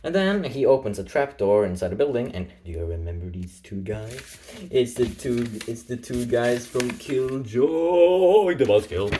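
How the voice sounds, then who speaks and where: A man's voice: mid-range voice, a little mellow, a little hiss or hum. A man casually retelling a comic in a rambling, playful way, throwing in sound effects. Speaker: comic narrator.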